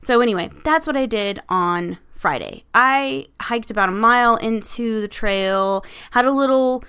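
A woman's voice: a little high, a little slow, a bit bright, clear, resonant tone. A woman vlogger casually telling a story about her vacation, candid and laughing, swearing freely.

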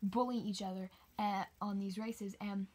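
A teenage girl telling a rambling storytime for her channel, chatty with many fillers and soft whispered asides. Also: mid-range voice, steady tone, moderate pace, breathy edge. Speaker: vlogger. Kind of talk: casual storytime.

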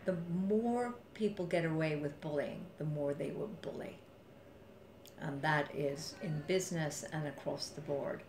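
A woman investor telling a story in an interview, acting out the dialogue and building to forceful emphasis. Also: low voice, a little slow. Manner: animated, quotes others in dialogue, rises to forceful emphasis. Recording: echoey room with faint ambient noise.

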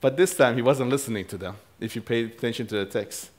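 A man preaching a sermon as pastor, swinging between loud, raised passages and quiet, low asides, chuckling now and then. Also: quick pace.

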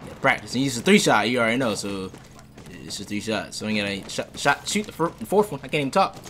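A man streaming live gameplay, talking casually, excitable and swearing a lot, sometimes making gun-sound noises. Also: fairly low pitch, quick pace. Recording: game noise under the voice. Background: loud game sound effects.

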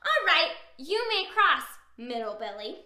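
A woman voicing a grouchy, greedy troll who lives under a bridge, with slow, loud, drawn-out threats in a roomy echo. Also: high voice, big pitch swings, exaggerated voice. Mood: grumpy.

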